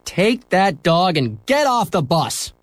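Gruff bus driver, impatient and scolding, pitched up, as a man reads him. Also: sing-song, slow pace, dry recording, full character voice. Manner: snappish, scolding.

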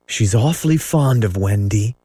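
A man's voice: fairly low pitch, lively intonation, normal speed, dark tone, slightly rough, no echo. A man voicing a proud, defiant boy who never grows up, boastful and sneering in a storybook reading.

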